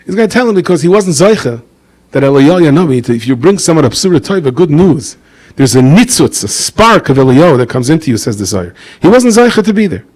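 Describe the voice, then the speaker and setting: Animated rabbi telling stories. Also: male voice, fast. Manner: animated storyteller, acts out characters with big pitch jumps, Yiddish-inflected English. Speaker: rabbi giving a Torah talk. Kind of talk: storytelling Torah lecture.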